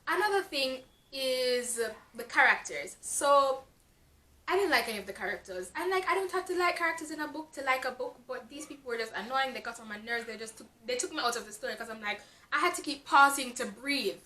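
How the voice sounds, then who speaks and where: A woman's voice: high-pitched, lively intonation, fairly quick, pushed and bright. A woman from Jamaica with a Jamaican accent, giving a frank, exasperated casual book review with lots of fillers. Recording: echoey room.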